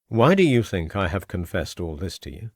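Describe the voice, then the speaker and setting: A man's voice: sits low, very animated, normal speed, dry recording, clean studio sound, full character voice. A man playing a sneering, gloating villain. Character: scheming, sneering murderous male villain.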